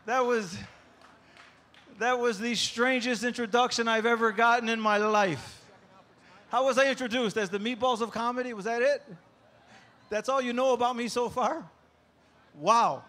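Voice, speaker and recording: A man's voice: extremely high pitch, moderate pace, long pauses, bright, forceful tone. A male stand-up comedian opening his set with loose crowd work and stammered restarts on a stage microphone. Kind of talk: live stand-up opener.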